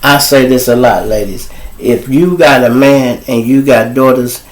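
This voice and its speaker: A man with a Chicago accent, hosting his own show and telling a street story in casual slang, calling the listeners y'all and jumping high in pitch when he quotes people. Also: unhurried, low-quality recording. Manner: animated, jumps to high pitch for quoted lines. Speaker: storyteller host.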